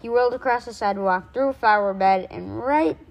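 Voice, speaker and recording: A woman reading a children's storybook aloud in a fairly high voice. Her narration is lively, with small stumbles she quickly corrects. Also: gravelly, low-quality recording.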